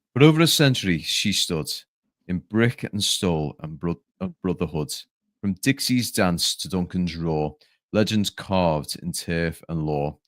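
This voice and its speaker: A man, a guest fan creator, chatting quickly and then reciting a poem in a steady rhythm. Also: deep voice, dry recording, clean studio sound. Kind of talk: casual chat and reading a poem aloud.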